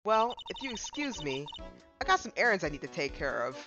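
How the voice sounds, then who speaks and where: A woman's voice: fairly low pitch, very animated, fairly quick, pushed and bright, highs cut off, soft background music. A woman voicing a sugary married woman who coos sweetly while making veiled threats. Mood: cooing. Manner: sweet, cooing and ominous.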